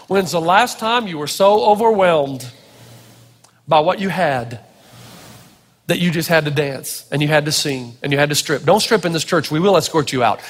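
A high-voiced man preaching in a church, his words carrying a long hall reverb. He talks in an animated, playful way, jumping into little acted-out voices. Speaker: pastor. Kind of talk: sermon.

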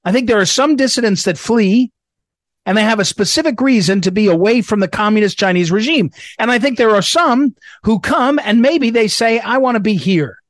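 Picture a talk-show host, a middle-aged man with a fairly high voice. He speaks emphatically and hammers points home by repeating them. His voice is recorded dry and close, with no room sound. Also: moderate pace, no echo. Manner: emphatic, repetitive, drops low when reading promos. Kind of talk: political talk commentary.

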